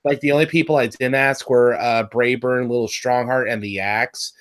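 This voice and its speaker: A man hosting a casual review chat, rambling and excitable, swearing often and restarting his sentences. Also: mid-range voice, moderate pace. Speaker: podcast host reviewing cartoon episodes.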